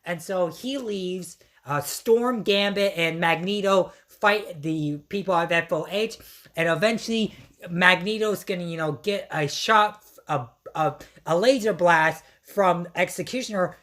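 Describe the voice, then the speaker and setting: A woman reviewer giving an excited, casual recap, her voice strained from yelling. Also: mid-range voice, unhurried. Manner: excitable, many fillers and slang.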